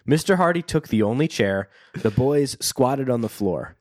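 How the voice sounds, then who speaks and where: A man's voice: mid-range voice, expressive, normal speed, darkish tone, dry recording, studio quality. A man co-hosting a casual book-discussion chat, reading passages aloud and riffing on them with wry jokes. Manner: wry, reads passages aloud and riffs jokingly. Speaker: podcast co-host.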